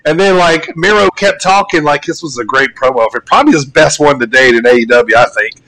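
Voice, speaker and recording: A man's voice: a little high, brisk, bright, forceful tone, poor audio. A man co-hosting a casual podcast, enthusiastic and laughing often as he retells moments. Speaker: podcast co-host. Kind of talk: casual chat.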